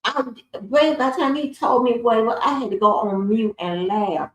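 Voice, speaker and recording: A woman's voice: on the high side, fairly even intonation, normal speed. A woman hosting a casual livestream, telling stories with lots of swearing and laughter. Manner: profane, laughing storyteller. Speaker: stream host. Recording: roomy, distant from the mic.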